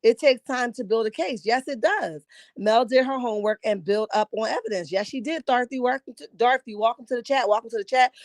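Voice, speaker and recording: A woman's voice: high-pitched, no echo, clean studio sound. A woman hosting a casual live commentary stream from home, sassy and emphatic, often asking "right?". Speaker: livestream host.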